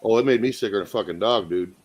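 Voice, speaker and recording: Easygoing guest, man, blunt and crude, relaxed chat. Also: lowish voice, racing. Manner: crude, laid-back, says dude. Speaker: stream guest. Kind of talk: casual livestream chat.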